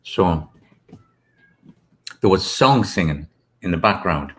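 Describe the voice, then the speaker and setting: A man's voice: low-pitched, expressive, slow pace. A British man, an author and guest, telling rambling stories with many ums and restarts. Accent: British English. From Britain. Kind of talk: casual interview storytelling.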